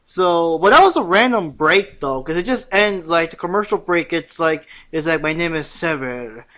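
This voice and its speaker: Higher-voiced young man, chatty fan recap. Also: moderate pace. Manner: animated, acts out quotes in voices. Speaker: podcast co-host. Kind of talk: casual fan chat about a cartoon.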